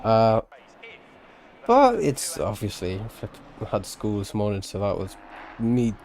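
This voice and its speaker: A man's voice: lowish voice, huge pitch swings, slow pace, darkish tone, a little hiss or hum. A man giving live-streamed sim racing commentary, chatty and rambling, with self-deprecating asides and a tired edge.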